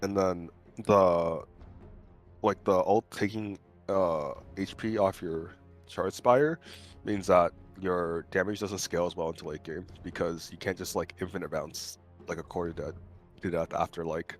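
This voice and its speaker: A man with a very low voice, calmly picking apart the hero matchups as co-caster. He sounds relaxed and is getting over a cold. Faint music sits underneath. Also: a little slow. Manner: laid-back, analytical. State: recovering from a cold. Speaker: guest co-caster. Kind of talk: casual game analysis.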